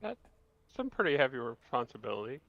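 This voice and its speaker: A man's voice: mid-range voice, sing-song, brisk, a bit bright, dull audio. A man playing a tabletop game, joining in with playful in-character banter.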